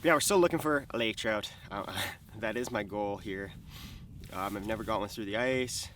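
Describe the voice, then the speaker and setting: A man's voice: fairly low pitch, normal speed, fairly bright tone, a little hiss or hum. A young man vlogging from a frozen lake. He talks casually, swears and exclaims, and talks to the fish and to himself. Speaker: outdoor vlogger. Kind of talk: casual vlog narration.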